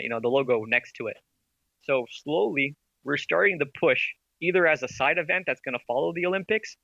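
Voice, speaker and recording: This esports team founder, appearing as a podcast guest, has a medium-pitched voice captured in a dry, muffled recording. His casual interview talk is enthusiastic and wandering, and he argues by posing rhetorical questions.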